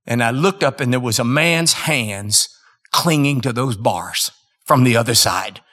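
A male preacher tells a story from the pulpit, dramatic and emphatic. He speaks slowly and leaves weighty pauses between his phrases. His voice echoes with a long reverb through a large hall. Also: mid-range voice, expressive, pushed and bright. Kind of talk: sermon storytelling.

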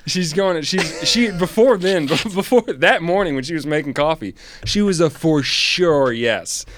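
A man's voice: on the high side, animated, measured pace, a bit bright, dry recording, soft background music. A man co-hosting a podcast, making dry, joking asides and laughing often. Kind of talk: casual chat.

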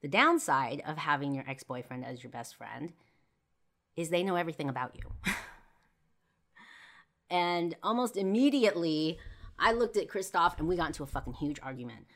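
A woman's voice: sits low, lively intonation, normal speed, pauses often, a bit bright. A woman hosting a podcast, candidly telling a personal story with lots of fillers and swearing. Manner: candid, profane, full of fillers; heated when reliving arguments. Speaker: podcast host.

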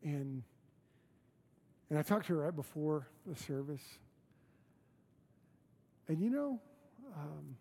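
A man's voice: fairly high pitch, lively intonation, takes it slowly, creaky, pauses often, a little mellow, breathy edge. A man preaching a sermon as pastor in a church, conversational and emphatic, with repeated phrases. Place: church sanctuary.

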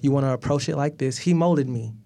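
A man in his thirties, a guest, telling a long story in a casual and animated way, laughing often, swearing, and acting out what others said. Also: mid-range voice, fairly quick, gravelly, a little hiss or hum. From Atlanta, US.

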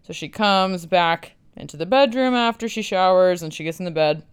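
A woman's voice: lowish voice, moderate pace, smooth. Blunt, sarcastic woman podcast host. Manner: blunt, sarcastic, swears freely. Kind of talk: casual film recap.

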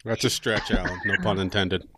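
A man's voice: low voice, fairly even intonation, normal speed, over a noisy crowd. A man, a stand-up comedian, playfully teasing and riffing on jokes with friends. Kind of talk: casual chat among comedians.

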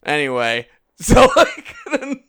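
Uomo co-conduttore divertito, ride spesso, voce un po' alta. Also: male voice, on the high side, huge pitch swings, takes it slowly, a bit bright, smooth. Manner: laughing, amused. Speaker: podcast co-host. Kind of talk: casual chat.

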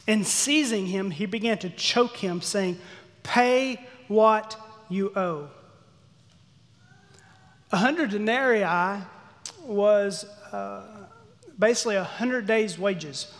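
A man giving a sermon, acting out the characters' pleas with lively energy. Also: sits high. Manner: animated, acts out the servant's pleas. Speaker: pastor. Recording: long hall reverb.

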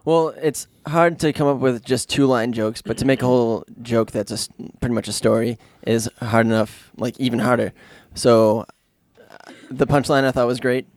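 A man's voice: medium pitch, fairly even intonation, normal speed, a little mellow, no room sound. Earnest man in casual podcast chat. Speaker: podcast co-host. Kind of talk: casual comedy banter.

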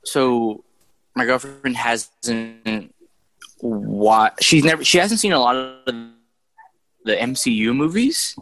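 A young man chatting casually about movies, animated and excitable with plenty of filler words. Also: mid-range voice, slow, soft background music, poor audio. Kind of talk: casual chat.

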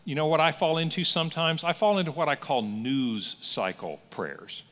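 A man preaching a sermon as pastor, telling stories with lively acted-out quotes in a church. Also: on the high side, moderate pace, long reverb tail. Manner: animated storytelling with acted-out quotes. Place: church sanctuary.

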